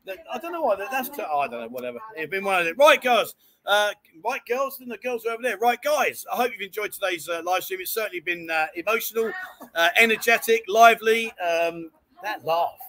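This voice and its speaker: A middle-aged man hosting a live stream from a bar, with a high voice that swings widely. His tone is bright and forward, and he keeps teasing his guests. He laughs often between questions. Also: expressive, fairly quick. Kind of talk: casual live-stream chat.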